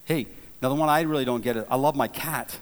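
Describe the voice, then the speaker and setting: A man's voice: mid-range voice, fast. Folksy preacher man in a reverberant hall. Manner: conversational, folksy storytelling with repeated restarts. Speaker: pastor. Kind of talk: sermon.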